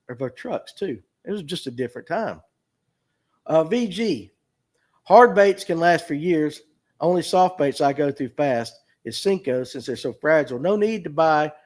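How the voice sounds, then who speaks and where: A man in his fifties with a North Georgia Southern drawl, hosting a fishing show and chatting folksily while reading out viewer comments. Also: on the high side. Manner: folksy, chatty, answers chat questions aloud. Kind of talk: casual livestream talk reading viewer comments.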